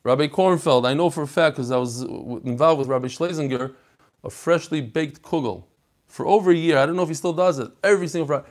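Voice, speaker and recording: A man hosting a Torah class, telling stories in an animated, casual way, mixing in Hebrew and Yiddish terms. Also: a little high, quick pace. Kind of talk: casual daf yomi class talk.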